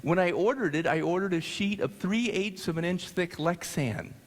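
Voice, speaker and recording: A man from the United States telling a story to an audience, animated and halting with restarts. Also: high-pitched. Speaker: speaker. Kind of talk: storytelling talk. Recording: long hall reverb.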